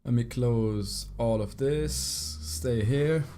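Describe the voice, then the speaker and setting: A man's voice: medium pitch, drawn-out words, mellow, a little hiss or hum. A man live-streaming a game, chatting casually, reading out and answering viewers' messages and laughing often.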